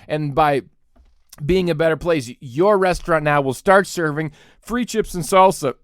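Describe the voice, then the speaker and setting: Animated joking man with a smooth voice. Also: a little high, normal speed, no room sound, clean studio sound. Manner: animated, joking, laughs often. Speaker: podcast host and pastor. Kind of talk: comic podcast rant.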